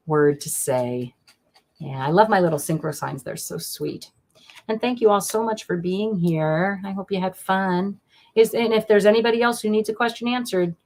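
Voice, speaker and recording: Gushing and talkative, this live-stream host gives card readings in a fairly low-pitched voice. Her speech is casual and full of fillers and false starts.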